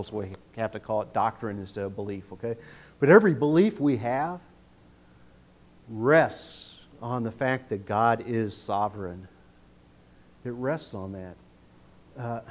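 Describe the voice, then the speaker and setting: A man giving a sermon in a church, reading scripture and explaining it in a relaxed, joking way, often checking in with the congregation. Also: fairly low pitch. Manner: conversational, jokey, often checks in with "okay?". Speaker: guest preacher. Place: church sanctuary.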